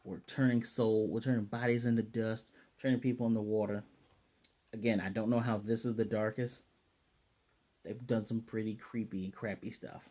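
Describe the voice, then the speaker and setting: Mellow-voiced man recapping an episode. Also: on the low side, little pitch movement. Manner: rambling, retells scenes with quick voiced asides. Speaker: anime reviewer.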